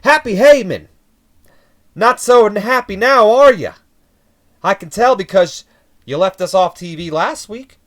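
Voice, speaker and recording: A man putting on a to play a belligerent male wrestling manager, shouting and ranting at a crowd. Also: high voice, expressive, a little slow, pauses often, voice pushed up. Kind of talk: mock wrestling promo.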